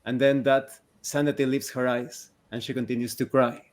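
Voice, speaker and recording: A man narrating a tabletop game as game master in a slow, deliberate way. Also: medium pitch, flat delivery.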